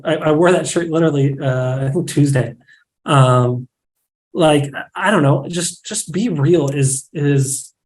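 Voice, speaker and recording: A man's voice: on the high side, poor audio. A man talking candidly as a podcast guest, acting out little bits of dialogue as he makes his points. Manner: candid, animated, acts out quoted dialogue. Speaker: podcast guest, real estate marketing director. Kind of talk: casual podcast conversation.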